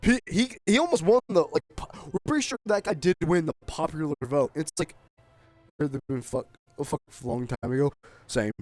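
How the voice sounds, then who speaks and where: A man streaming a game, ranting in a heated, profane way and often shouting. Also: a little high, moderate pace, faint music behind. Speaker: gaming streamer. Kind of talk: casual rant while streaming a game.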